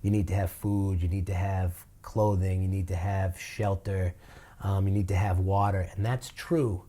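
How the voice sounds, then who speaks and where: A man talks earnestly about his work and his town, his voice low and warm. He speaks from the heart and fills his thoughts with easygoing "you know"s. The tone is sincere and personal, like a nonprofit leader being interviewed. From Boston, USA. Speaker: nonprofit director. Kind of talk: interview answers.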